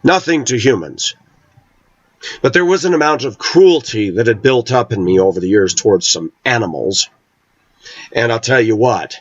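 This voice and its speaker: Middle-aged man, low voice, intense, emphatic, dull lo-fi sound, dry. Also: dry recording. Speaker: vlogger. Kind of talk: opinionated monologue.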